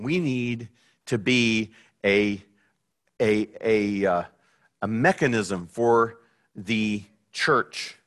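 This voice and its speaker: A man preaching a sermon, speaking in a halting way with many fillers and restarts. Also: mid-range voice, fairly bright tone. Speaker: pastor.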